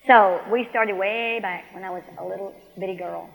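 A woman's voice: medium pitch, moderate pace, gravelly, pauses often, fairly bright tone, in a large hall, low-quality recording. A woman preaching a testimony sermon, telling her story with animation and acting out both sides of the conversation.

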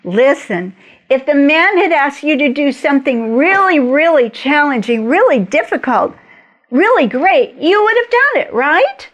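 A woman voicing wise servants who gently coax their master. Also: high voice, big pitch swings, a little slow, voice pushed up. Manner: coaxing, persuasive.

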